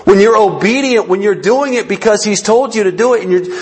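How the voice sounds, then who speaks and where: Husky-voiced man preaching a sermon. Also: high-pitched, fairly quick, darkish tone. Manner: earnest, rising to fervent emphasis, many restarts. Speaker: pastor.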